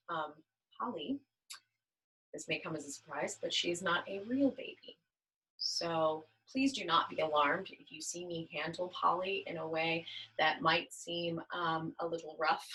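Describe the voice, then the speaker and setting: Bright-voiced woman teaching baby yoga. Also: deep voice, rough recording. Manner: gentle, encouraging, many "um" fillers. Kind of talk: instructional class narration.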